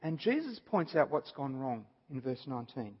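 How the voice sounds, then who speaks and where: A man's voice: mid-range voice, sing-song, normal speed, husky. A man giving an earnest Bible study talk, explaining a passage and stressing points by repeating them. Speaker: Bible teacher. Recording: dull audio with long reverb.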